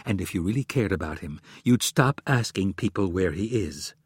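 Audiobook: male narrator's take on a stern, controlled female intelligence chief, husky and low. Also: expressive, moderate pace, no echo, clean studio sound. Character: cool commanding woman intelligence chief.

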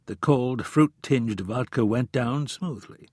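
Male audiobook narrator, measured and steady, husky tone, dry booth sound. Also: mid-range voice, no echo. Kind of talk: scripted narration.

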